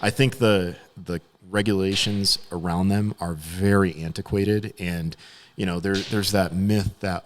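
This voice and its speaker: A man's voice: deep voice, moderate pace, a little hiss or hum. A man who is a podcast guest, talking in an emphatic, opinionated way in casual chat.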